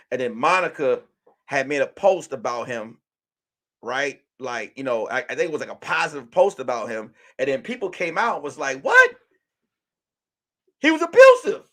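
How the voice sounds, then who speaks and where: A man's voice: mid-range voice, animated, normal speed, fairly bright tone. A man hosting a casual livestream commentary, joking and acting out quotes in mock voices. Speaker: livestream host.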